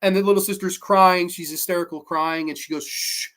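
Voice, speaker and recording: Brief: male horror podcast host with a slightly high voice, loose and conversational, chatty and opinionated, swears now and then. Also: fairly even intonation, a little fast, fairly bright tone. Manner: chatty and opinionated, with frequent fillers and occasional swearing. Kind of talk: casual film review monologue.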